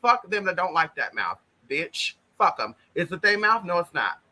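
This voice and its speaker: A man's voice: high-pitched, very animated, moderate pace, bright, forceful tone, slight background noise. A man hosting a casual livestream, greeting viewers one by one in a flamboyant, blunt and profane way, calling everyone honey. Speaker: livestream host.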